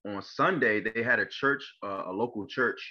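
A young man from Maryland speaks with a fairly low voice, halting often and restarting his sentences. The recording sounds a little dull and lo-fi, as if the top end is cut off. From Maryland, USA. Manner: halting, full of fillers and repeated starts. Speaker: interview guest. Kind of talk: personal testimony interview.

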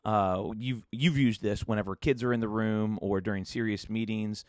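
Low-voiced man hosting a podcast. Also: fairly even intonation, moderate pace, darkish tone, no echo, clean studio sound. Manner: casual storytelling with fillers and restarts, sometimes whispering quotes. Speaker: podcast host. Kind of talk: solo podcast monologue.

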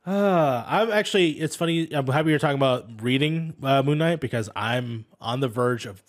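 Brief: male co-host, casual and blunt, swears often, video call chat, steady mid voice. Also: medium pitch, moderate pace. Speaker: podcast co-host.

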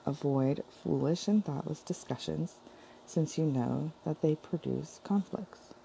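A woman chatting casually about her Bible devotions, rambling and correcting herself often, with a heavy vocal fry. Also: sits low, measured pace, dark tone, a little hiss or hum, rough recording. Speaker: vlogger sharing Bible devotions.

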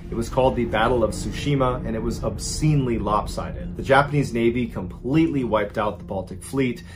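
A man hosting a history channel, telling a story in a brisk, chatty way, linking events with "and so". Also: medium pitch. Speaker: host.

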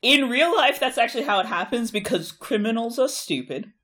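A woman co-hosting a podcast in casual chat, animated and full of "like" fillers. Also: a little high, fairly quick. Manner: animated, frequent "like" fillers, laughs often. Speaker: podcast co-host.

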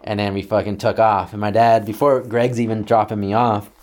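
A young man telling a story casually, swearing a lot and acting out shouted quotes. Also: lowish voice, a little fast. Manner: profane, animated, acts out yelling quotes.

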